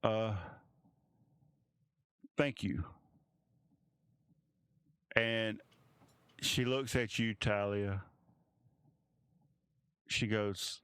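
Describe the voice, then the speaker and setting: A male game master narrates a fantasy scene at a slow, unhurried pace. His voice is somewhat low and smooth, and the recording is dry and close with no room echo. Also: fairly even intonation, fairly bright tone. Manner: measured, descriptive narration.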